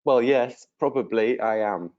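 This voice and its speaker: Slow, friendly English teacher in his fifties. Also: mid-range voice, lo-fi sound. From England. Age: 50s. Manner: slow and clear, with many pauses and fillers; friendly and encouraging. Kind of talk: slow, simple self-introduction to language learners.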